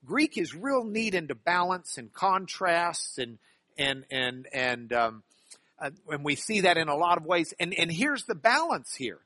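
A Bible study teacher with a medium-pitched, expressive, pushed and bright voice explains Greek word order in a class lesson at a measured pace. Conversational with the class, they check that everyone follows, pressing hard on key words and repeating phrases for emphasis. There's no room sound.

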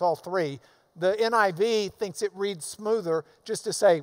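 A man preaching an expository sermon, emphatic, repeating key words in loud bursts and adding folksy asides to the congregation. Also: high-pitched, normal speed. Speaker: preacher teaching a Bible passage.

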